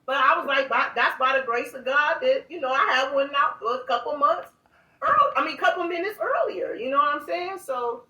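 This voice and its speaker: Guest storyteller, middle-aged woman, high and bright, echoey room, laughs easily, reads poetry intensely. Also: expressive, a little fast, recorded from a distance. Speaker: guest author and poet.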